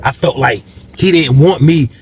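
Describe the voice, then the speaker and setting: A man telling a story casually, profane and animated, acting out the dialogue. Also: medium pitch, normal speed, slight background noise.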